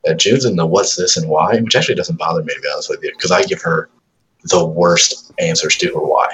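A man's voice: low-pitched, brisk, a bit bright, a little hiss or hum, low-quality recording. A man in his thirties on casual chat, telling profane stories about his toddler and acting out her lines.

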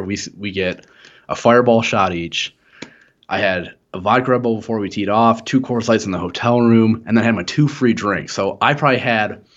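A man's voice: fairly low pitch, fairly bright tone. A young man spins a long tale on a casual podcast. He rambles, swears freely and laughs often. The recording sounds slightly muffled and lo-fi. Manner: rambling, profane, laughing storyteller. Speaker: podcast co-host. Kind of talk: casual storytelling chat.

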